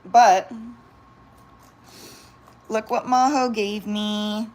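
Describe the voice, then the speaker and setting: A woman's voice: medium pitch, steady tone, drawn-out words, a little mellow. A young woman from San Diego, with a Californian accent and a hint of New York, chatting bubbly on a livestream to her viewers and her pets. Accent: Californian, slight New York. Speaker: vlogger. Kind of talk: casual livestream chat.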